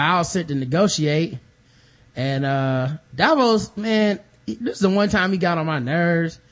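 A high-pitched man hosting a podcast, chatting casually. He retells scenes with animated storytelling and plays each character in a slangy voice, all into a podcast mic. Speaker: podcast host. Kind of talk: casual chat, recapping a TV episode.

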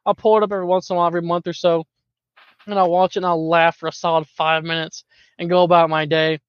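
A man telling stories from his gaming group in a casual chat, animated and quick to laugh, with plenty of filler words. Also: a little high, dry recording. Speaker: podcast guest, longtime community member. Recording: dull lo-fi voice-chat audio.

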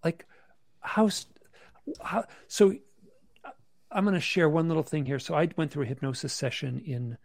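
A man as a podcast guest on a video call from his bedroom, telling a story in a casual, halting way with many restarts and fillers. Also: fairly high pitch, expressive, vocal fry, no room sound. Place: bedroom at home.

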